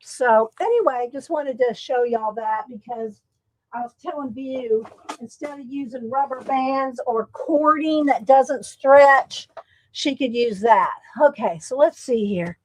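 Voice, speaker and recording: A woman with a high-pitched voice runs a relaxed livestream from home, speaking a little slowly, laughing frequently, and welcoming viewers by name. She uses a desktop USB microphone, and the recording is dry and rough.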